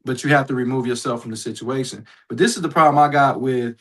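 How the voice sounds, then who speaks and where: A man's voice: mid-range voice, fast, fairly bright tone, poor audio. Plainspoken man on a sports podcast. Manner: reads listener comments aloud, blunt and plainspoken. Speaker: podcast co-host. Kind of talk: casual sports talk.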